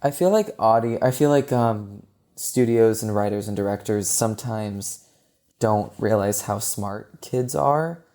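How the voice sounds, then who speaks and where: Mellow-voiced man rambling about films. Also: lowish voice, measured pace. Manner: chatty and rambling, heavy use of "like". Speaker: podcast co-host. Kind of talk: casual film review chat.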